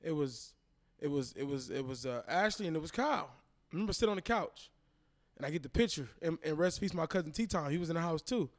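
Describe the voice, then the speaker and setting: Podcast guest, man in his 30s, slightly high voice, lively storyteller who acts out quotes. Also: fast. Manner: animated, acts out quoted voices, repeats phrases. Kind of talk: casual storytelling interview.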